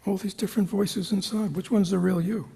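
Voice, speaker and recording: Gravelly husky man giving a dharma talk. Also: high voice, fairly even intonation, brisk. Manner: questioning, engaging the audience with repeated "right?" and "you know"; drops into soft whispers at times. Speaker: meditation teacher. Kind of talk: dharma talk to a retreat group. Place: meditation hall with a live group.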